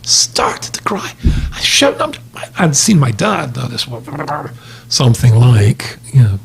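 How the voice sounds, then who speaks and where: An older man, a guest, telling a personal story in a heartfelt, halting way. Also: mid-range voice, big pitch swings, gravelly. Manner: heartfelt, halting, tearful at times.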